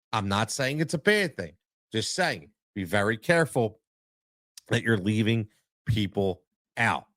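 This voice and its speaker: A man's voice: mid-range voice, no room sound. A man hosting a solo podcast as a youth coach, talking in a blunt, emphatic way and repeating his points for stress into a close mic. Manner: blunt, plain-spoken.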